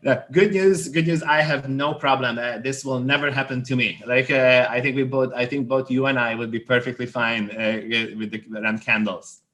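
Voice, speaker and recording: Animated storytelling man, many fillers. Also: medium pitch, normal speed, few pauses. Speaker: skin care company president, guest. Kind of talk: casual anecdote telling.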